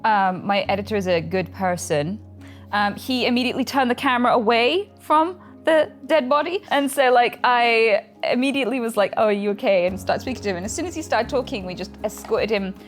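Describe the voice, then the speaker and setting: Young British woman, chatty interview guest, animated storyteller, light music bed. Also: fairly high pitch, fairly quick. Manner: animated storytelling, acts out quotes, laughs often. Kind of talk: casual interview chat.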